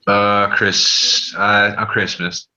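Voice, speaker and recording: A man hosting a casual group chat, relaxed, laughing often and swearing freely. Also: on the low side, drawn-out words, poor audio. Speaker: host of a group call.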